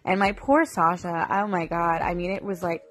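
A woman in her thirties shares a heartfelt family memory with her viewers. Her voice sits a bit low, and her telling is emotional and rambling, full of fillers and restarts. Soft music plays faintly behind her. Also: steady tone, moderate pace. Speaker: mother vlogger. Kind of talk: personal storytelling to viewers.

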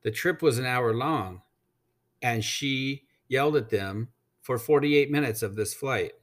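A man's voice: mid-range voice, measured pace. A man telling a casual travel story, blunt and rambling, with frequent swearing and filler words. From United States. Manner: blunt, swears freely, rambling with many ums. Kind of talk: casual anecdote.

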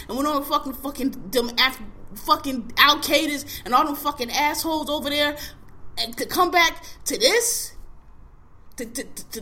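Woman podcast co-host, high bright voice, blunt and scolding, swears constantly. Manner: fast-paced, emphatic, keeps repeating a phrase. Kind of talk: profane ranting monologue.

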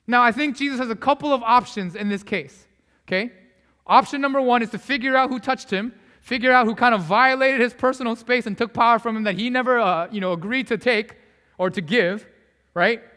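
High-voiced young male pastor in a reverberant hall. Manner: casual storytelling, acts out characters, drops to hushed asides. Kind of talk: sermon.

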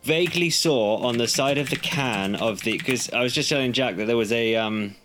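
A man's voice: mid-range voice, moderate pace, fairly bright tone, slight background noise. A man from the UK co-hosting a casual podcast over a remote call, laid-back and self-deprecating. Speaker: podcast co-host. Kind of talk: casual chat.

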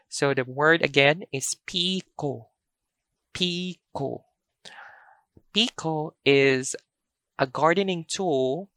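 A woman teaching a language lesson, speaking slowly and carefully and repeating each word for practice. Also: extremely low pitch, a bit bright, no echo, clean studio sound.

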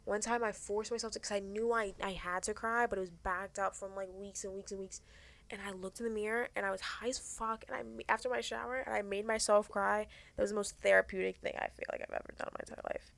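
A woman's voice: mid-range voice, steady tone, quick pace, vocal fry, a bit bright. A young woman hosting a podcast, giving frank, earnest advice in casual chat and swearing freely. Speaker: podcast host.

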